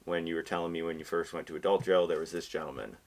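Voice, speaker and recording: A man's voice: sits low, fairly even intonation, fast talker. A man hosting a podcast interview, asking follow-up questions and giving supportive short replies. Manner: supportive listener, short backchannels. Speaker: podcast host.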